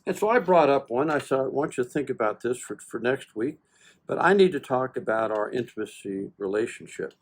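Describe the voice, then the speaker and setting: In a relaxed interview, an American veteran in his seventies spins a long story about himself, playing both parties in the exchange and poking fun at himself in an animated, folksy way. His voice is mid-range, slightly rough, and a little fast.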